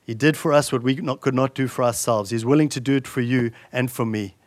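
A man preaching a sermon in an earnest style, building to emphatic repeated lines and dropping soft and slow for solemn points. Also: mid-range voice, steady tone, no room sound. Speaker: pastor.

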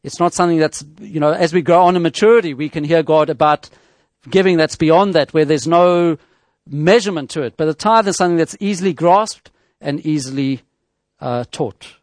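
A man delivers a sermon in a fairly high voice, working through his points in a measured teaching tone. He often restarts phrases and asks rhetorical questions. The sound is dry and close, with no room echo. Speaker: preacher.

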